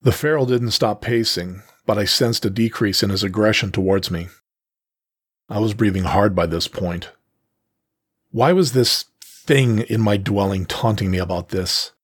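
A man narrating a first-person story in a steady, measured way. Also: lowish voice, breathy edge, no room sound, clean studio sound.

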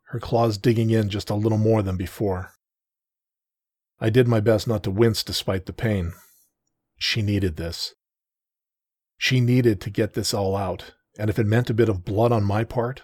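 A man reading a first-person romance story aloud in a soft, tender, measured way. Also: fairly low pitch, steady tone, slightly rough, dry recording, clean studio sound. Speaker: narrator.

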